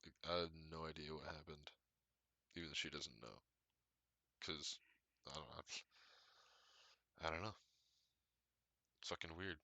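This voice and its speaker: Podcast host, male, rambling and profane, very deep, dry close sound. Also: fairly even intonation, a little slow, pauses often, pushed and bright, no echo. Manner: profane, rambling, laughs often. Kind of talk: casual storytelling monologue.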